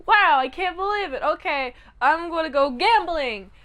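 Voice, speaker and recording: A woman's voice: high-pitched, a little slow, full character voice. Woman doing a brash, greedy male crook. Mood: excited. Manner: loud, excitable, sarcastic.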